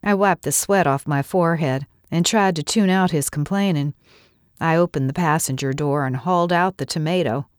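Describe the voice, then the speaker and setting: A woman's voice: sits low, moderate pace, clean tone, no room sound, clean studio sound. A middle-aged woman narrating a first-person story in an earnest, reflective way.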